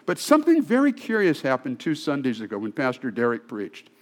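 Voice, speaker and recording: A man's voice: medium pitch, wildly swooping pitch, fairly quick. A male pastor preaching a sermon in a conversational, storytelling way, often restarting his sentences.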